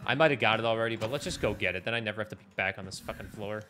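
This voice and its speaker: A man streaming a video game live, talking in a loud, ranting manner that can sound angry, with bursts of near-shouting. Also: lowish voice, rapid-fire. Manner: loud, animated, ranting and complaining. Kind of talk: casual live-stream commentary while playing.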